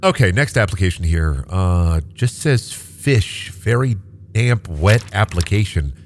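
A man narrating as game master of a tabletop game, talking in a lively way with many fillers and restarts. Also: low voice, unhurried.

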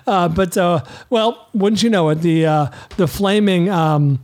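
A man's voice: high-pitched, measured pace, darkish tone. A man co-hosting a film podcast, chatting casually and dropping dry, joking asides. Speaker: podcast co-host. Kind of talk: casual chat.

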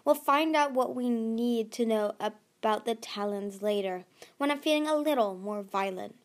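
A woman's voice: a little high, moderate pace, natural voice. Woman voicing a haughty dragon queen, scornful, snarling, storybook reading. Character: haughty, cruel female sea dragon queen.

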